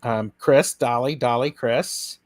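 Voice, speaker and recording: A man's voice: medium pitch, takes it slowly, no echo. A man with an Ohio accent hosting a casual chat on a video call, talking with many fillers and restarts. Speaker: host.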